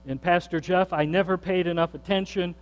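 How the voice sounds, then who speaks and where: Male pastor, slightly high voice, storytelling sermon, reverberant hall. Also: fairly quick. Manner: conversational, animated when quoting others. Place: church sanctuary. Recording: long hall reverb with mains hum.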